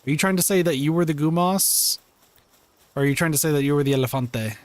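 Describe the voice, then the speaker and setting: Streaming a game live from a home room, a man talks fast in a fairly high voice, recorded dry. He chats playfully, reading and answering chat and reacting to the game as he plays.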